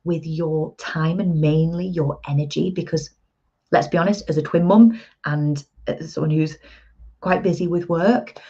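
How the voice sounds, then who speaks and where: A woman's voice: low-pitched, measured pace, warm tone, slightly rough, lo-fi sound. A woman in her thirties, an empowerment coach, giving an earnest, chatty motivational talk to her viewers.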